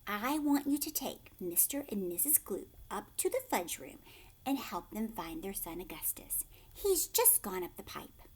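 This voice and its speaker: Mr. Wonka, hushed and impish, read by a woman. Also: medium pitch, very animated, measured pace, husky. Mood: playful. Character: whimsical giggling male chocolate maker, eccentric.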